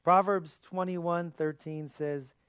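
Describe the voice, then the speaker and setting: A man's voice: on the high side, steady tone, slow, clean tone, no room sound, muffled recording. A man giving a sermon as a pastor, earnest, asking his listeners rhetorical questions.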